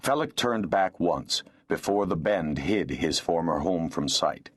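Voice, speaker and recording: Deep, expressive male audiobook narrator. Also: a little slow. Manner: expressive storytelling.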